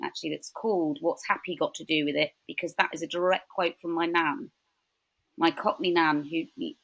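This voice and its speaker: A woman in her forties, a podcast guest chatting casually, telling lively stories. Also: on the low side, vocal fry, breathy edge, low-quality recording. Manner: chatty, animated storytelling with quoted voices. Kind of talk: casual chat.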